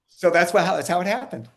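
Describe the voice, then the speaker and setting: Man telling lively stories, slightly high. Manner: animated storyteller, acts out quotes, laughs often. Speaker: interview guest, musician. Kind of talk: casual anecdotal interview.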